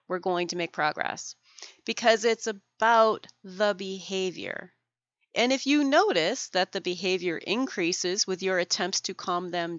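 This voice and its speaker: A woman hosting a podcast for dog groomers, explaining things in an animated way, acting out examples and laughing often. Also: fairly low pitch, no echo, highs cut off. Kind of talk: educational podcast monologue.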